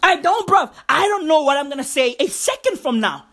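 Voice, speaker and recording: A woman's voice: high voice, very animated, fairly quick, fairly bright tone. A woman hosting a podcast, riffing a freestyle comedic monologue, rambling and profane and calling the listener "bruv". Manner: rambling, profane, repeats slang address "bruv". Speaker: podcast host.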